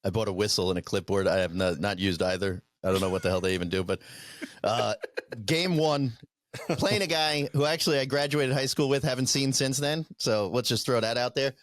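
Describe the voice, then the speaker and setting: A man's voice: mid-range voice, fairly quick, slight background noise. A man co-hosting a podcast who tells rambling, profane stories and laughs through them. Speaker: podcast co-host, youth football coach. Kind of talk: casual chat, storytelling.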